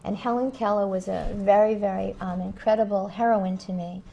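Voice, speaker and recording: A woman working as a spiritual medium who talks earnestly in an interview, telling stories with emphatic pauses. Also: medium pitch, fairly even intonation, gravelly, dark tone, muffled recording. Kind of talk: interview conversation.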